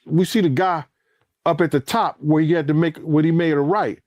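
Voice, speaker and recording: The audio is dull but free of room sound as a man with a somewhat high voice tells his story at a moderate clip. Cursing casually, he acts out the dialogue and raises his voice to a shout whenever things get tense or exciting.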